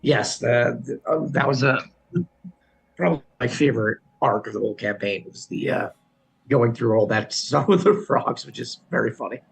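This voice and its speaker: A man, a game player, chatting casually and haltingly as he searches for words. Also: medium pitch, creaky, breathy edge, low-quality recording. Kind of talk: casual chat.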